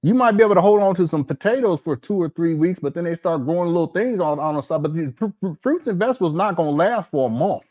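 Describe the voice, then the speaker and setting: A man hosting an offhand commentary, joking and teasing as he talks over a meal. His voice sits a little high for a man, loose and chatty. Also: animated, fast talker, hardly any pauses, a little mellow. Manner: joking, laughing, mocking asides; talks while eating. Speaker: commentary channel host. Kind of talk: casual reaction commentary.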